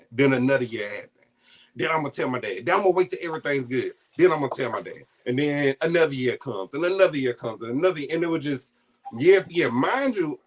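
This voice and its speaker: A man shares a personal family story in a relaxed, conversational way, with a voice of ordinary pitch for a man. He laughs often between lines and slips into the voices of his family when he quotes them. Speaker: guest storyteller.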